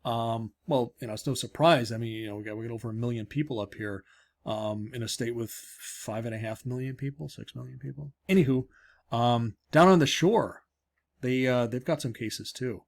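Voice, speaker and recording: A man's voice: mid-range voice, normal speed, gravelly, darkish tone. Chatty, rambling man teaching from home. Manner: chatty, rambling, wry asides. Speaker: high school AP Government teacher. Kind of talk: casual recorded lesson update. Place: home, upstairs room.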